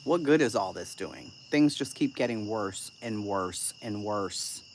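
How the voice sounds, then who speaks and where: A host riffs through a casual live-stream, answering chat in a blunt, profane and sarcastic way. The pitch swings widely from line to line. Faint crickets chirp quietly behind the voice. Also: animated, measured pace, a little hiss or hum.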